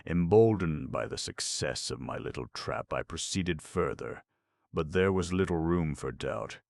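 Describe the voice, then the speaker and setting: Measured male audiobook narrator with a very deep, gravelly voice. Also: dry recording, clean studio sound. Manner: measured, even storytelling.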